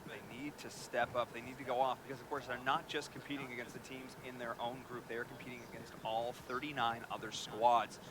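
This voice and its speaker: Fast-talking Canadian esports caster. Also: male voice, medium pitch, little pitch movement. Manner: quick, hyped calls rising to shouts. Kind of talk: esports play-by-play commentary. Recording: broadcast with crowd noise.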